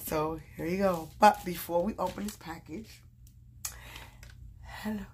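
A woman vlogging casually from her bed, gushing and excitable as she opens a gift box, with lots of fillers. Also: lowish voice, a little slow, noisy background. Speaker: YouTube vlogger. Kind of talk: casual unboxing vlog.

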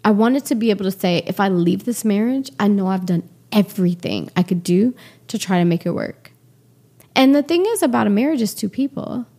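A woman in her forties, a podcast guest telling her own story candidly, lively and acting out the quoted exchanges. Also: medium pitch, a little fast. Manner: animated, acts out quoted exchanges with laughs.

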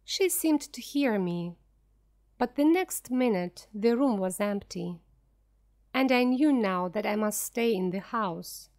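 A woman reading a ghost story aloud for English learners, slowly, clearly and deliberately. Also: mid-range voice, animated, darkish tone. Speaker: audiobook narrator. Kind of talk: scripted narration for English learners.

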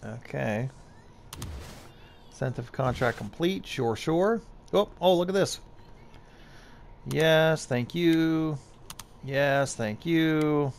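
A man's voice: fairly high pitch, takes it slowly, vocal fry, long pauses, a little hiss or hum. A man giving casual gameplay commentary as a YouTuber, hyped and joking at himself. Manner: hyped, self-mocking banter. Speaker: gaming YouTuber.

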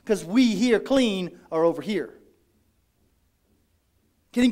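A man preaching a sermon as pastor, lively and dramatic, acting out the voices of his congregation. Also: extremely high pitch.

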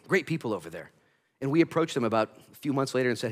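A male pastor preaching a sermon in a church sanctuary, telling the story with animated, conversational energy. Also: medium pitch, fast talker. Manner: animated storytelling, voices Bible characters in quotes.

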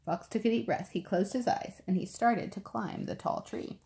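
A woman reading a picture book aloud to preschoolers, gentle and expressive. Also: mid-range voice, moderate pace, vocal fry. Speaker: preschool storytime reader.

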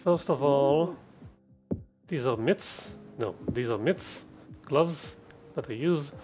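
A man's voice: medium pitch, slow pace, a little mellow, dull audio, soft background music. A man streaming a video game, muttering his thoughts aloud in casual commentary.

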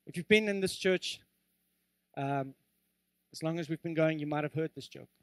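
A man preaches from the pulpit with earnest, animated energy, slipping into joking asides. His voice sits high for a man. The sound is close and dry. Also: moderate pace, no echo. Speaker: pastor. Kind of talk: sermon. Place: church.

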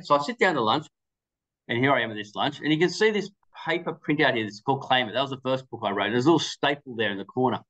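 A man's voice: on the high side, fairly bright tone, poor audio. A man giving a webinar presentation, telling anecdotes with quoted dialogue. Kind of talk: storytelling presentation.

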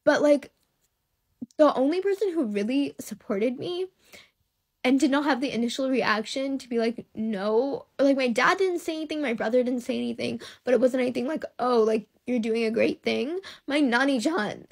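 High-voiced young woman, emotional. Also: moderate pace. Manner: emotional, rambling, many likes and ums. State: tearful. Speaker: social media creator. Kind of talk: casual heartfelt talk to camera.

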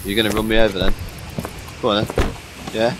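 A man's voice: fairly low pitch, little pitch movement, a little fast, heavy background noise. A man giving comedic, swearing gameplay commentary in a cocky, mock-tough tone. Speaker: gaming commentator.

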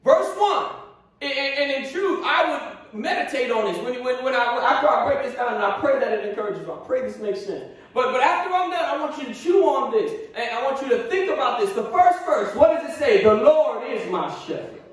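High-voiced preaching man in echoey church. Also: sing-song, a little fast, distant mic. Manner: impassioned preaching with repetitions and call-and-response. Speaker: pastor. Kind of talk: sermon. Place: church sanctuary.

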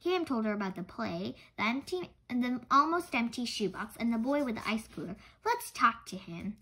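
A woman reading a children's mystery book aloud in an animated way, with small slips she corrects. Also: fairly high pitch, brisk, slightly rough, low-quality recording. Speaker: storybook reader.

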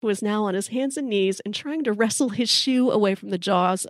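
A woman's voice: medium pitch, brisk, hardly any pauses, no echo, studio quality. A middle-aged woman, hosting a podcast and telling a comic story with wry timing. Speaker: podcast host.

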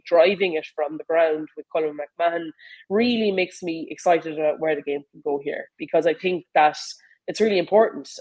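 A woman's voice: sits low, a little mellow, poor audio. An Irish woman, a rugby player, talking casually and animatedly in an interview, with lots of fillers. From Ireland. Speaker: rugby player and coach, guest.

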